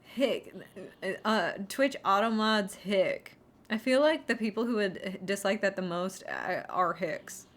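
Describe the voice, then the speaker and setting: A woman's voice: mid-range voice, measured pace, fairly bright tone. A woman chatting casually on her livestream in a rambling, sarcastic way, heavy on fillers and restarts. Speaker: streamer.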